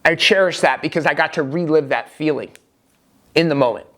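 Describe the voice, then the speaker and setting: Man, high-pitched voice, personal vlog story, emphatic, rambling, restarts. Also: a little fast, fairly bright tone. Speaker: vlogger.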